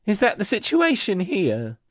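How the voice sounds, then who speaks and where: Player doing a super polite rambly guy who says sorry a lot, lively up-and-down voice, dry sound. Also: mid-range voice, a little slow, no echo. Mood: apologetic. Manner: apologetic, rambling, fussy. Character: polite, overly chatty man who overwhelms people with questions.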